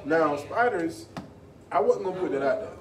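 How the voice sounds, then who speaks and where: A man's voice: a little high, animated, moderate pace. A man co-hosting a live podcast at a bar, teasing his friends in slangy banter. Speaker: podcast co-host. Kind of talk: joking casual chat. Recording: echoey room, far mic, crowd.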